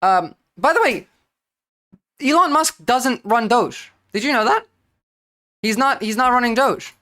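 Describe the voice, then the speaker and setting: A woman's voice: a little high, expressive, a bit bright. Blunt New woman streamer. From New Jersey. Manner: blunt, profane, talks fast in bursts with restarts. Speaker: livestream political commentator. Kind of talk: casual livestream commentary.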